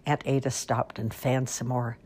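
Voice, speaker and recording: A woman reads a story aloud at an unhurried pace. Her voice sits very low and carries a husky, breathy grain. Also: flat delivery, a little mellow.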